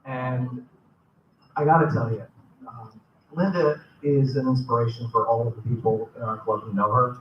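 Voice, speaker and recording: A man's voice: mid-range voice, fairly even intonation, normal speed, a little hiss or hum. Earnest man speaking far off in a hall. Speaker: running club president. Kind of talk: short speech. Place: convention hall. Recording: echoey hall, from far off, dull.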